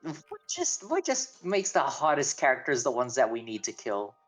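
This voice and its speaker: A woman's voice: rumbling low, huge pitch swings, normal speed, faint music behind. A woman player in a tabletop game, chatting bluntly and offhand, swearing casually. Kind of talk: casual chat.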